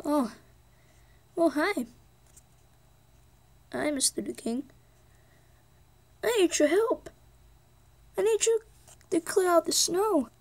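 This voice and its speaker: A woman voicing a sweet, fussing female car in a toy play-acted story, reassuring with soft repeats. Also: extremely high pitch, animated, slow, pauses often, voice pushed up, full character voice. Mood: pleading.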